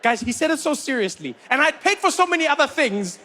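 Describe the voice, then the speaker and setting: A man from Africa, telling stand-up stories with animated disbelief. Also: extremely high pitch, a little fast. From South Africa. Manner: animated, incredulous storytelling. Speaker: stand-up comedian. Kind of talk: stand-up comedy.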